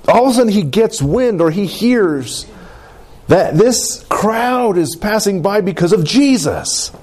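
A man preaching a sermon, animated and acting out the quoted cries with big swings in his voice. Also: sits high. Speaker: pastor.

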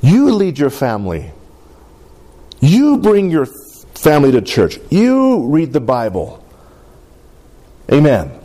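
A middle-aged pastor preaches with a lot of rise and fall in his voice, asking the room for an "amen" as he goes. His tone is mellow and warm, never sharp. Now and then he slips into playful little voices. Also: a little high, slow, pauses often. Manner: lively, call-and-response preaching with playful voices. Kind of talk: sermon.

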